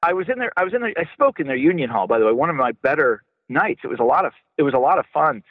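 A man talks through a tinny, dry phone connection, his fairly high voice moving a lot in pitch. He is an author being interviewed on radio. He stumbles and repeats words as he pushes his points. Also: very fast, no echo. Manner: animated, repeats and restarts words, laughs often. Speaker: author guest. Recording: tinny phone-line sound.

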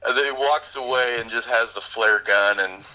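Bright-voiced man rambling through a movie recap. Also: mid-range voice, moderate pace, poor audio. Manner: rambling, animated retelling with fillers. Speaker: podcast co-host reviewing a movie. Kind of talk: casual chat.

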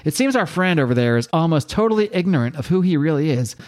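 A man's voice: on the high side, lively intonation, fast talker, a little mellow, voice pushed up, close to an everyday voice. A man doing a courtly older wizard. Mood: courteous. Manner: formal and courteous.

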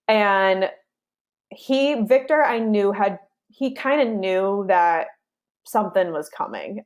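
A woman's voice: medium pitch, a little mellow. A woman in her thirties, an interview guest, telling a personal story in an earnest, conversational way with frequent restarts.

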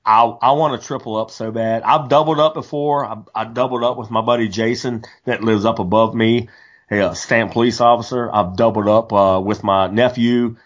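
Male podcast co-host, mid pitch, animated rambling storyteller, lo-fi audio. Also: moderate pace. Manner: animated storyteller, frequent restarts. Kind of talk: casual hunting chat.

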